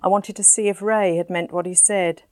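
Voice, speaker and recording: A woman narrating a first-person story in an even, measured way. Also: medium pitch, dry recording, studio quality. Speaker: audiobook narrator.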